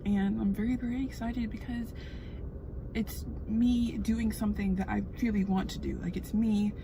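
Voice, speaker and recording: A woman in her twenties, a recent graduate, chatting candidly and excitably in a casual vlog, swearing casually as she talks to a phone camera in her parked car. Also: medium pitch, normal speed, vocal fry. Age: 20s. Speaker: vlogger. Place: parked car with the air conditioning running. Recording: phone audio with loud A C hum.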